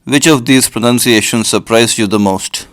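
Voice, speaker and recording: A man's voice: medium pitch, moderate pace, fairly bright tone, dry recording, studio quality. A man with an Indian accent hosting a playful educational video, comparing pronunciations with teasing, wry asides. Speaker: video host.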